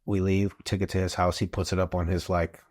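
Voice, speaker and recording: A man, a father and guest on a podcast, telling a story in a casual, animated way and acting out what people said. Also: sits low, brisk. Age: adult father of school-age kids. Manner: animated, acts out quotes in the story.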